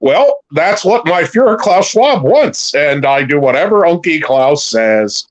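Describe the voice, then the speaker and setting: A male caller putting on a smug, preachy caricature of a woke streamer, sarcastic and halting with many uhs. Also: on the high side, animated, low-quality recording. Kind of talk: mocking impression on a livestream.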